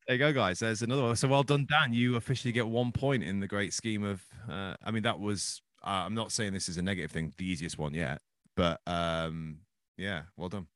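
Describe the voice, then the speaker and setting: A man's voice: on the low side, steady tone, fairly quick, fairly bright tone, no room sound, clean studio sound. A man hosting a podcast, rambling and joking in casual chat. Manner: rambling, jokey, self-deprecating. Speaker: podcast host.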